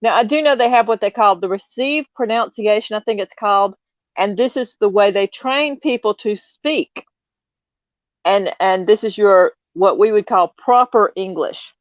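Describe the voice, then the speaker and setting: A woman's voice: mid-range voice, normal speed, no echo. A woman in her fifties with a light Southern US accent, chatting in an opinionated, emphatic way and repeating points for stress. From United States. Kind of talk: casual chat on a livestream. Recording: slightly dull lo-fi audio.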